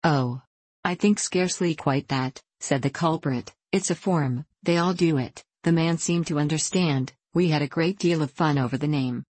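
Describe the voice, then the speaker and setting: A woman narrating a classic novel in a measured, plain reading voice, lightly voicing the dialogue. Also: low voice, a little mellow, slightly rough, dry recording. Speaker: audiobook narrator.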